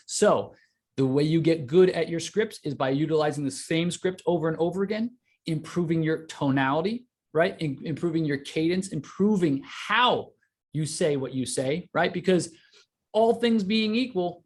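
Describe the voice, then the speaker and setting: A man coaching a live online sales class, energetic, often checking in with "right?". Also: a little high. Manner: energetic, repeats "right?" to the audience.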